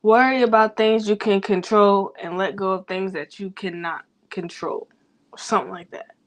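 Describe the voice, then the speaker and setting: Young woman, vlogger, fast rambling self-talk with heavy swearing. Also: mid-range voice. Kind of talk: rambling personal venting.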